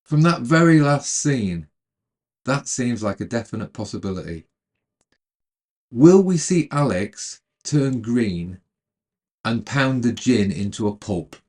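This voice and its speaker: A man narrating a retelling of a film's plot in a calm, measured way, then adding his own commentary. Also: mid-range voice. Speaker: storyteller retelling a film.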